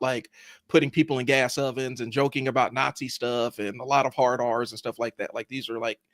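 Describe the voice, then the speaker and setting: A man co-hosting a podcast in casual chat, talking in a sarcastic, lively way with lots of "like" and "you know". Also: medium pitch, dry recording, clean studio sound. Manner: sarcastic, animated, many fillers like "like" and "you know". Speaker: podcast co-host.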